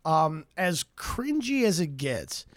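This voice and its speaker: A man's voice: on the high side, sing-song, slow, fairly bright tone, no echo, clean studio sound. A man co-hosting a podcast, trading crude jokes and laughing often. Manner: joking, laughs often, mock impressions. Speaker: podcast co-host. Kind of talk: crude comedic banter.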